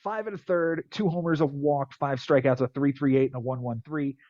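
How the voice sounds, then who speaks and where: A man's voice: mid-range voice, fairly even intonation, brisk, no echo, highs cut off. A man hosting a podcast who casually rattles off fantasy baseball stats and cracks jokes. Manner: rattles off stat lines, wisecracking. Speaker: podcast host.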